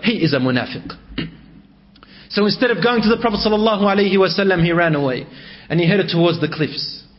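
On a dull, lo-fi recording, a high-pitched man tells a religious story dramatically and emotively, dropping in Arabic phrases.

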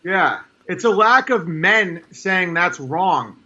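Emphatic high-voiced man, lo-fi sound. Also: expressive, slow pace, bright, forceful tone. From New York State. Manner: rambling, emphatic, mimics others in high voices. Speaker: guest, stand-up comedian. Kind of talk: casual conversation on a podcast.

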